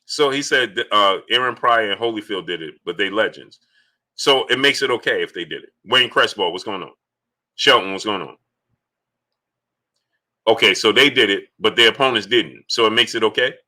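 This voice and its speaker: Bright-voiced man hosting a sports livestream. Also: on the low side, moderate pace. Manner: loose and conversational, greets viewers by name, repeats himself. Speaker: livestream sports host reading Super Chats. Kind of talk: casual live-stream talk.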